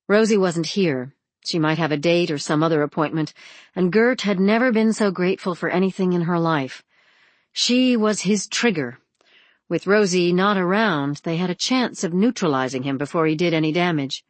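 Woman, audiobook narration, lowish voice, dry close studio sound. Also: moderate pace, no echo.

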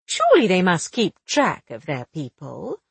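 A woman reading the lines of a quick-witted young woman amateur sleuth, chatty and teasing, with a breathy voice. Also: fairly low pitch, huge pitch swings, dry recording, voice pushed down, heavily acted. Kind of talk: audiobook dialogue reading.

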